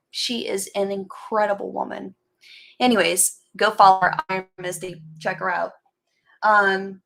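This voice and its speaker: A woman's voice: mid-range voice, gravelly, a bit bright. A woman hosting a casual live stream, chatting in a rambling way and greeting viewers by name as they join. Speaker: livestream host chatting with viewers.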